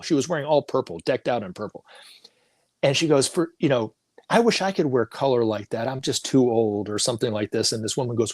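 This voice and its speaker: A man's voice: medium pitch, fairly quick, dry recording, studio quality. A middle-aged man, a guest on a talk show, telling a personal story in a casual, rambling way, often restarting and acting out what people said. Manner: rambling, with frequent restarts and quoted dialogue.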